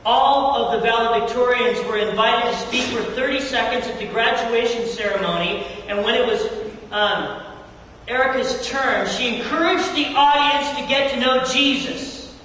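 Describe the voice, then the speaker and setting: A middle-aged man preaches in a storytelling style, his voice climbing high and loud, then sinking to near a murmur. His voice is very high for a man. It rings with long reverb, as if in a big church hall. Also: normal speed, slight background noise. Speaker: youth pastor. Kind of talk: sermon. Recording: echoey hall from far off.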